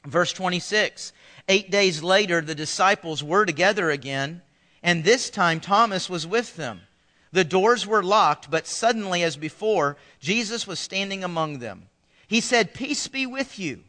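A male pastor giving an animated, conversational sermon to a large church crowd, often acting out the people he quotes. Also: sits high. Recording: long hall reverb.

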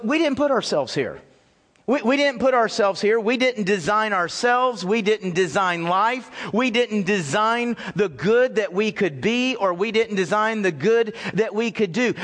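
Man, pastor, sermon, high voice, earnest, repeats phrases, church hall echo. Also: a bit bright. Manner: earnest, repetitive, addresses listeners as folks. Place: church sanctuary with chairs. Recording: long hall reverb.

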